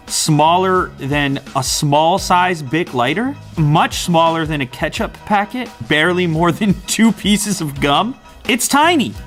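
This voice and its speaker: A man's voice: a little high, a bit bright. A man doing a casual unboxing review in an amazed, joking, chatty way. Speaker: tech reviewer.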